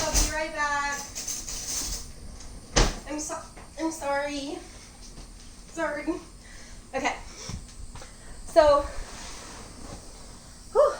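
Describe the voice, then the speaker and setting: A young woman hosting an eating vlog, chatting casually and rambling with lots of fillers. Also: on the high side. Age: young adult. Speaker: mukbang host. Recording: roomy echo, faint background noise.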